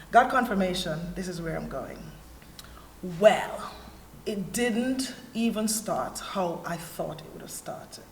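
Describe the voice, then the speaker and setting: This woman, speaking with a Jamaican accent, has a lowish voice and a touch of hiss or hum behind her. Serving as a panelist, she offers an honest, earnest account of her own life, animated as she tells it. The recording comes from a church hall that echoes, with faint ambient sound.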